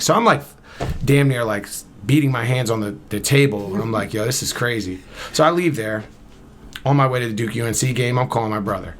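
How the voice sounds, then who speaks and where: A man's voice: medium pitch, a little fast, fairly bright tone, a little hiss or hum. A man in his thirties from Camden, New Jersey, a podcast guest casually telling a long story and acting out both sides of the conversation. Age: 30s.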